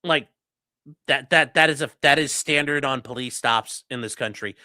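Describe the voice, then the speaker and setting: This is a streamer doing informal legal commentary and answering chat with mockery and profanity, bluntly shifting from loud outbursts to low muttering. The pace is moderate. The studio-quality audio has no room sound.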